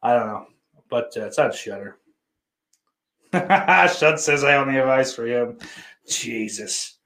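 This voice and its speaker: A man's voice: medium pitch, takes it slowly, a bit bright. Profane rambling male streamer. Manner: profane, rambling, teasing viewers. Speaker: livestream host reading chat. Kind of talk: casual live-stream chat.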